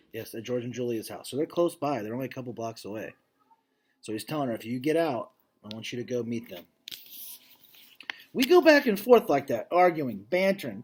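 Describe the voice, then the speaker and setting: Man reading a kids' book aloud, animated pitch, chatty asides. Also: slightly rough. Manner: lively, stops to chat about the story. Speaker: reader of a children's novel.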